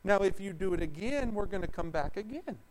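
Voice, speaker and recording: A pastor with a notably high voice preaches to his congregation. He is emphatic, rises to loud declarations, then drops into hushed asides, drawing out scripture slowly. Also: animated, low-quality recording. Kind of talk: sermon.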